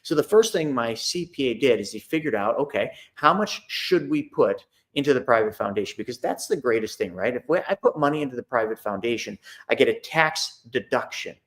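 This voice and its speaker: Middle-aged man, casual host, conversational, repeats himself, mid-pitched voice. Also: sing-song, a little fast. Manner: conversational, repeats himself, acts out phone calls. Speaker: host of a money and investing talk. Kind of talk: casual live talk to an online audience.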